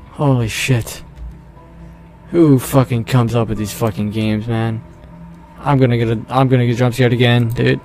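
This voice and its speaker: A man's voice: mid-range voice, fairly even intonation, unhurried, soft background music. A young man playing a horror game, jumpy and nervous, swearing often and laughing at his own scares. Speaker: gamer.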